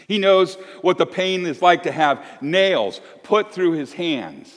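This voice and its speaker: A man in his fifties preaching a sermon as pastor, conversational and swinging between loud emphasis and hushed asides. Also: sits high, animated, slow, big-room sound. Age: 50s. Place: church.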